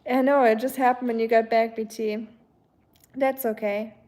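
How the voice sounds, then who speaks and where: A woman's voice: fairly high pitch, mellow. A young German woman with a German accent, chatting casually with viewers on her livestream, hesitant with many ums. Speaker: livestream host. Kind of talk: casual chat reading viewer comments.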